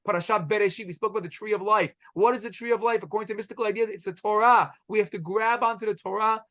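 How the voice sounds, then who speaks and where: A man's voice: high-pitched, fairly bright tone. A middle-aged man teaching a halacha class as a rabbi, energetically quizzing students and saying Hebrew words with an Israeli pronunciation. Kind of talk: classroom lecture with questions to students.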